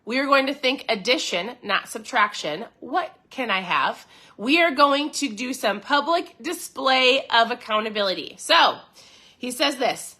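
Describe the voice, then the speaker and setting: A woman hosts her own podcast in a casual, upbeat talk, her voice bright and forceful and pitched a little high. She chats straight to her listeners and checks in with them often. Between those check-ins she reads passages from a book aloud and comments on them. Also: animated, measured pace. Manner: addresses listeners directly with frequent check-ins. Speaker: podcast host.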